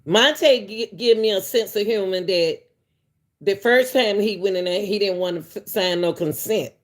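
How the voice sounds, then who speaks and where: A woman's voice: medium pitch, moderate pace. Chatty woman commentary host. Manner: talks straight to viewers, chatty, chuckles between points. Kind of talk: casual commentary.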